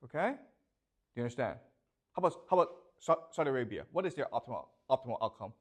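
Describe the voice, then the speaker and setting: A man's voice: mid-range voice, very animated, fast. A male professor giving a classroom lecture, emphatic and questioning, who keeps checking in with the class.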